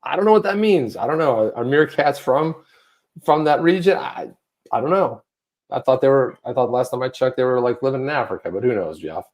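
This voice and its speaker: A man's voice: medium pitch, lively intonation, a little fast, darkish tone. A man co-hosting an online show, joking with his partner and reading news stories aloud. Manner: jokey, talks over his partner, reads stories aloud. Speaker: co-host of a crypto news show.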